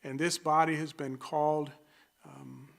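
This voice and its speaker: A man's voice: a little high, little pitch movement, a little slow, gravelly. Man leading an earnest prayer. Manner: earnest, fervent. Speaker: pastor. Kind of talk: opening prayer.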